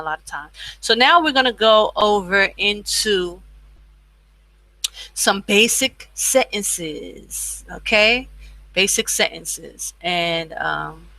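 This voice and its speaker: Slow, very bright-voiced woman teaching. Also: medium pitch, rough recording. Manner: slow, repeats each phrase twice for learners; chatty asides, informal speech. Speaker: language teacher. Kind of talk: casual beginner language lesson.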